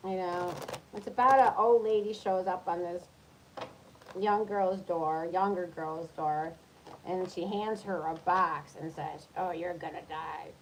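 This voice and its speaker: A woman's voice: on the low side, steady tone, slow, a little hiss or hum, rough recording. A woman who is a tarot reader, giving a casual reading for zodiac signs in a chatty, coaching tone and checking in often with her listeners.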